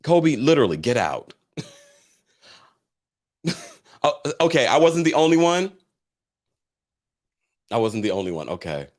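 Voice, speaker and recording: A man hosting a casual reality TV recap, chatty and animated, reading viewer comments aloud and laughing often. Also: mid-range voice, a little slow, pauses often. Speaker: host.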